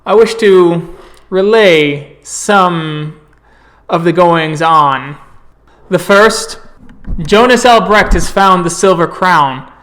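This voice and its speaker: A man's voice: high-pitched, slow pace, a bit bright. A man voicing a travelling werewolf elder who addresses a gathering in a formal, welcoming way.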